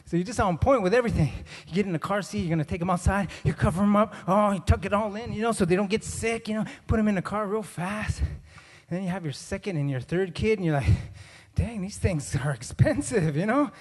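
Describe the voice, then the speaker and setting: A middle-aged male comedian works the room with animated stories, acting out every part of each exchange himself. His voice sits a little high for a man. The sound rings with the long reverb of a large hall. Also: fast. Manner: animated storytelling, acts out both sides of dialogues. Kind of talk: stand-up comedy. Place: conference hall.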